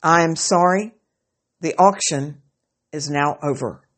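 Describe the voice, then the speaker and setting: A woman's voice: low-pitched, takes it slowly. A woman voicing a male auctioneer at an estate sale who keeps calling for bids in a raised, pressing voice. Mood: solemn.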